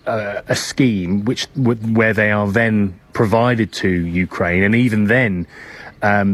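A male correspondent giving a live news report, measured, with frequent hesitations and restarts. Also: fairly low pitch.

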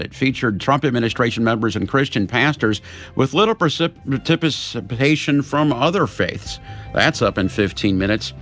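A man reading local radio news and weather in a steady, measured way at a studio microphone. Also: on the high side. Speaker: local newscaster.

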